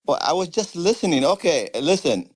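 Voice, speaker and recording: A man's voice: fairly high pitch, big pitch swings, normal speed. A man calling into a live audio chat, speaking hesitantly and stammering. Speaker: caller. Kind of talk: live audio-room call.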